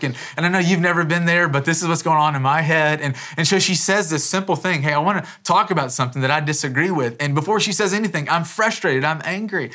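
A man's voice: on the high side, quick pace, hardly any pauses, sharp tone. A pastor in his thirties preaching a sermon in a casual, conversational way, often restarting phrases and dropping in "man" as an aside. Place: church.

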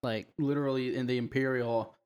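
A man's voice: mid-range voice, steady tone, a little fast, a little mellow, clear, resonant tone, highs cut off. A man co-hosting a podcast in casual chat, speaking hesitantly with many fillers and hedges. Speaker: podcast co-host.

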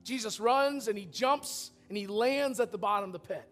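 An earnest pastor preaching a sermon in church, his voice sitting very high for a man. He often repeats and restarts words as he reaches for the next thought. Faint music plays underneath. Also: normal speed, fairly bright tone.

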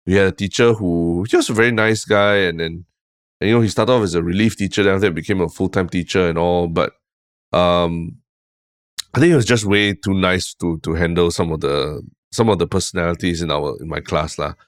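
A man with a Singaporean English accent, co-hosting a podcast in casual chat, telling stories in a relaxed, rambling way with frequent "lah". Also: low voice, brisk, dry recording, studio quality. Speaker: podcast co-host.

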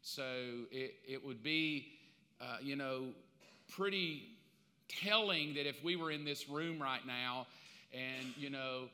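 A man in his fifties preaching a casual, conversational sermon, telling the story in an animated way with slangy asides. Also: medium pitch, slow pace. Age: 50s. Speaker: pastor. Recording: long reverb of a large hall.

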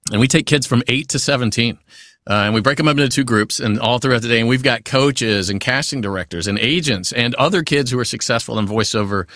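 A man's voice: mid-range voice, quick pace, no room sound, studio quality. Chatty male voice actor. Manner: chatty, animated, many "you know" asides. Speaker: voice actor guest. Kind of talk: casual interview advice.

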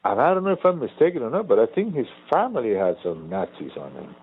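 A man's voice: medium pitch, wildly swooping pitch, fast, slightly rough. A man co-hosting a casual chat, a rambling and profane storyteller. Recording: phone-like lo-fi line.

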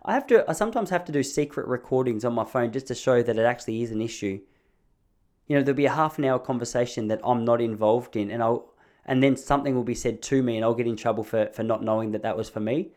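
A man's voice: medium pitch, fast, a little mellow. Rambling man telling stories. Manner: rambling, self-mocking storytelling with frequent restarts. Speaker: podcast host. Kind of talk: casual comedic monologue. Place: home back studio.

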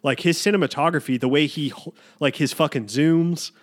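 A man's voice: fairly high pitch, brisk. A young man co-hosting a casual film podcast, rambling and swearing a little as he acts out quotes. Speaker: podcast co-host.

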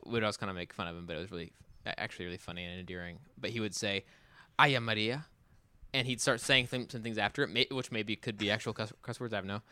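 A man telling family stories in a relaxed, casual chat, with fillers and restarts. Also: fairly low pitch, rapid-fire, few pauses.

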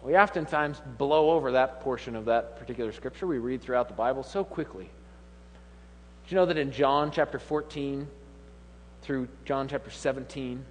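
A man's voice: mid-range voice, moderate pace, slight background noise. A man in his thirties preaching a humorous, conversational sermon with laughing asides. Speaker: pastor. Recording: long hall reverb.

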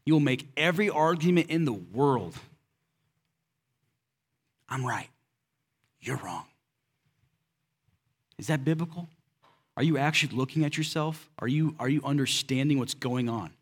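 A pastor with a higher-pitched, fairly quick voice preaches a sermon in a relaxed, conversational style. He poses rhetorical questions to the congregation and drops in everyday slang, keeping his manner casual and direct.

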